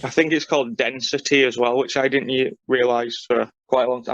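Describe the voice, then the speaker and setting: A man's voice: mid-range voice, level tone, moderate pace, few pauses, no echo, muffled recording. A man co-hosting a podcast, explaining in a dry, matter-of-fact casual chat. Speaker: podcast co-host.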